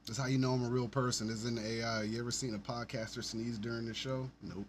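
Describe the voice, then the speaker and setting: A man hosts his own podcast and rants solo, profane, sarcastic and rambling. His mid-range voice keeps a fairly even intonation at a quick pace, with slight noise in the background.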